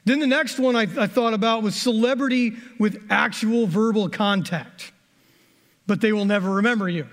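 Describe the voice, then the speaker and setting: A man's voice: high-pitched, moderate pace. A middle-aged man giving a sermon, telling folksy, conversational stories and jokes from his own life. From American Midwest. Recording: long hall reverb.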